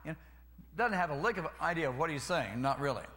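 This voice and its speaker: A man's voice: fairly high pitch, expressive, quick pace, sharp tone. A man preaching a sermon in a folksy way, repeating phrases and calling for amens.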